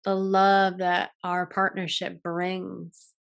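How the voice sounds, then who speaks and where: Soft-spoken woman hosting a reflective talk. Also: on the low side, completely flat delivery, slow pace, creaky, clear, resonant tone. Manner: soft-spoken, gentle, trailing off, with frequent restarts. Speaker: podcast host and yoga teacher.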